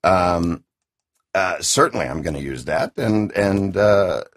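A middle-aged man with a deep classic announcer voice, a video game voice actor chatting enthusiastically and rambling in an interview. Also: slow pace. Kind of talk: casual interview chat.

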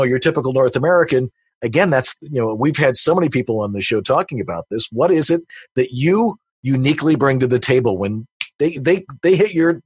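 A man hosting a casual interview, asking questions in a halting way and searching for words. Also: mid-range voice, husky, dry recording. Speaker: podcast host.

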